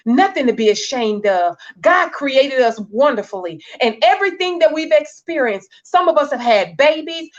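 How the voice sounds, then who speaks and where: Earnest woman exhorting wives, lo-fi sound. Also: fairly high pitch. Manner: earnest, exhorting, repeats phrases for emphasis. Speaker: marriage coach. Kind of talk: faith-based talk to wives.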